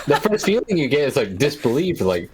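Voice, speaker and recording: A man's voice: mid-range voice, big pitch swings, brisk, slight background noise. A man co-hosting a podcast in casual chat, chiming in.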